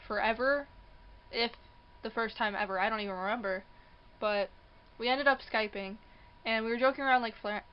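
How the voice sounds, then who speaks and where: A woman's voice: fairly high pitch, clear, resonant tone, lo-fi sound. A young woman telling a personal story in a casual vlog, acting out the voices of the people in it and laughing often. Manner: animated, acts out quoted voices, laughs often. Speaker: vlogger. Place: indoors near a passing train.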